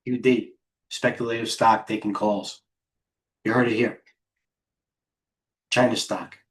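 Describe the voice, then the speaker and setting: A middle-aged man hosting a live trading stream, firing off quick stock calls and muttering to himself as he trades. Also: lowish voice, fairly even intonation. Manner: rapid-fire ticker calls, talks to himself. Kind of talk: live market commentary while trading.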